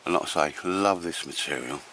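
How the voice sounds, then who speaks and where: Low-voiced male vlogger, slangy and chatty, recorded outdoors with light background noise. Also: brisk, sharp tone. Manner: chatty, slangy, keeps saying ladies and gents. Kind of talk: casual camping vlog walkthrough. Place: outdoors at a campsite.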